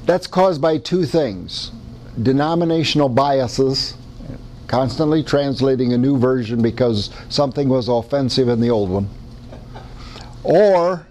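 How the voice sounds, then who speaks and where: Delivering his sermon in a relaxed, folksy style, the Midwestern-accented pastor keeps breaking off and restarting sentences. His tone is darkish at a medium pitch, with a bit of background noise in the recording.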